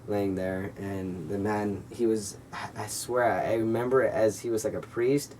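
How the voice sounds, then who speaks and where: In a rough-sounding clip with a faraway mic and some hiss or hum, a young man vlogs a personal story, earnest and wandering, heavy on fillers, now and then voicing what others said. His pitch is fairly low, his tone steady and warm, and his pace moderate.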